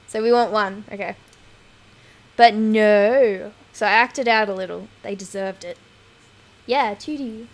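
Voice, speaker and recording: A woman's voice: medium pitch, unhurried, pauses often. A woman streamer chatting casually over gameplay, laughing often and swearing freely, on a home desk microphone.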